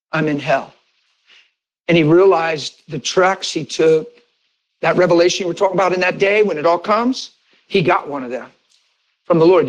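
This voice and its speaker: A fairly high-voiced man preaches as a pastor, telling a personal story to his congregation. He talks directly and conversationally, acting out the dialogue and often breaking into laughter. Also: low-quality recording. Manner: animated, re-enacts conversations with rising pitch and bursts of laughter. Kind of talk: sermon storytelling.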